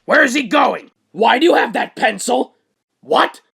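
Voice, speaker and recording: A hot-tempered stick-figure guy who never shuts up, as a man voices him for a fan cartoon. His voice sits very high and bright with a gravelly edge, and he rants and shouts at the slightest trouble. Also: animated, slight background noise, full character voice. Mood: furious. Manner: loud, ranting, quick to shout.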